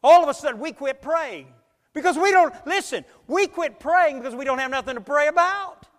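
A man preaching a sermon as pastor, emphatic, swinging between loud and quiet, speeding up and slowing down. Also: very high-pitched, animated, in a large hall. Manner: emphatic preaching with big swings in loudness and pace.

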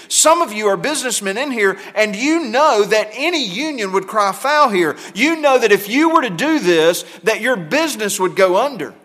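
A male preacher with a notably high-pitched voice delivers a sermon in a church. He swings between quiet, intimate low stretches and loud, emphatic bursts. His words ring out with a long hall reverb. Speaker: pastor. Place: church sanctuary.

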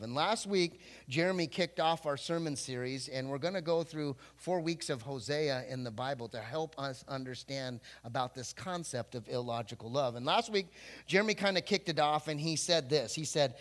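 This middle-aged pastor's voice runs on the high side and moves a little fast. Telling stories in a comedic sermon to a church congregation, he keeps things jokey and lively, performing quotes in playful voices.

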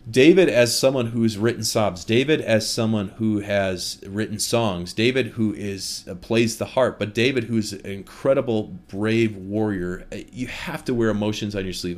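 A man preaching a conversational sermon, retelling a story and speaking directly to his listeners. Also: on the low side.

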